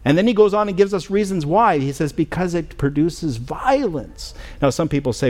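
A middle-aged man preaching a sermon as pastor in a church, earnest and halting, with many fillers and restarts. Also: a little high, lively intonation, a little mellow. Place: church sanctuary.

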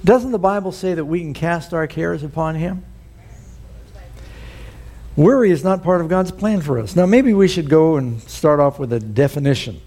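A man's voice: on the high side, lively intonation, moderate pace, warm tone. A male pastor preaching a sermon, telling folksy stories and building to emphatic points. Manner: folksy storytelling with rising emphasis.

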